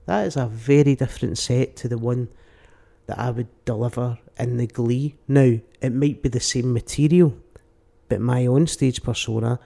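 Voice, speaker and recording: A man, a stand-up comedian, talking casually and rambling with lively energy as a podcast guest. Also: medium pitch, creaky. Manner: animated, rambling, mimics people mid-story.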